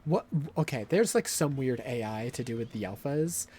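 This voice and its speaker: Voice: medium pitch, expressive, normal speed, warm tone, a little hiss or hum. A streamer giving casual live commentary on a game, swearing freely, joking with chat and ranting at the game's mechanics.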